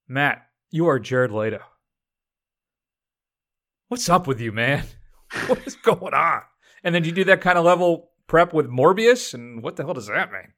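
A man co-hosting a film review podcast, talking in a casual, animated, joking way. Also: on the high side, a little slow, long pauses. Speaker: podcast co-host.

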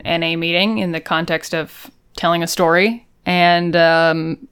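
Smooth-voiced woman chatting playfully. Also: fairly low pitch, steady tone, moderate pace, few pauses. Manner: playful, jokey, acts out characters' lines. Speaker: podcast co-host recapping a TV episode. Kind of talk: casual chat.

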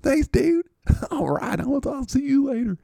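A carefree, giggling Southern football player bubbles over in a squeaky high register. He leans on every "man" with giddy delight. The sound is close and dry, with a gravelly edge. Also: very animated, mellow, no echo, exaggerated voice. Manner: giddy, laughing, drawn-out "man". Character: cheerful Southern male football player, easygoing. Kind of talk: comedic character bit on a podcast.

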